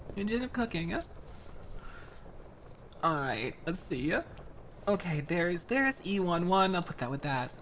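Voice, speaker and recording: A young woman from Florida chats on her livestream while assembling a model kit at home. Her talk is animated and full of laughs and restarts. Her voice sits a bit low yet swings widely in pitch, over a faint background hiss. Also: measured pace, long pauses. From Florida, United States. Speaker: streamer.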